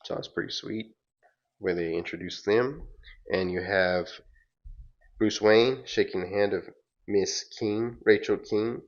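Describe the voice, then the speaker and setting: A man casually reading a comic aloud, relaxed and narrating panel by panel, on a dull lo-fi recording. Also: lowish voice, unhurried, pauses often. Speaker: comic book reader.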